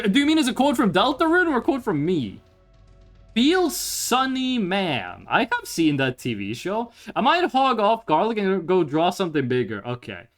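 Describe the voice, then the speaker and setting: A man streaming live, chatting casually with viewers, hyped and swearing, reading chat aloud in a voice he pitches higher on stream.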